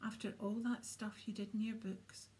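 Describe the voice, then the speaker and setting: A woman's voice: mid-range voice, level tone, normal speed, darkish tone, close to an everyday voice. A woman reading an indignant young boy wizard. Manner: indignant, direct. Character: brave, blunt twelve-year-old schoolboy wizard.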